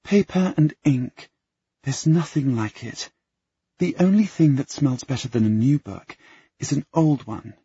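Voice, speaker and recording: A man with a raspy voice playing a shy, bookish young noblewoman with a soft, airy, quiet delivery, in a dull, dry recording. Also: mid-range voice, animated, a little slow, pitched above the performer's own voice, heavily acted. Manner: quiet, gentle.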